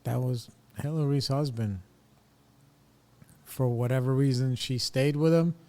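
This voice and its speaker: A man's voice: mid-range voice, measured pace, warm tone. A middle-aged man hosting a podcast, ranting bluntly and casually in slangy opinionated talk. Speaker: podcast host.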